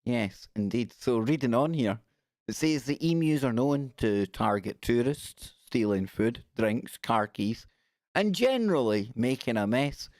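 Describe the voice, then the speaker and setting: A man's voice: medium pitch, animated, unhurried, a little mellow, no room sound, studio quality. A man hosting a casual live stream, chatty and jokey, giggling as he reads out news. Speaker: radio show host.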